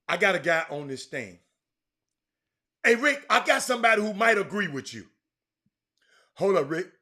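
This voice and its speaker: Sports talk host, bright high voice, swings from loud banter to mutters. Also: male voice, moderate pace, pauses often. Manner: animated, reads viewer comments aloud, drops to a mutter. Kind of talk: casual live-stream sports chat.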